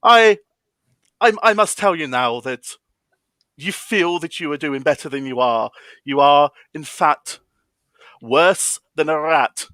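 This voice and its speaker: A man's voice: a little high, takes it slowly, long pauses, pushed and bright, dry recording. A man impersonating a smirking female politician, mock-polite and menacing in a comedy roast. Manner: smarmy, mock-polite turning threatening.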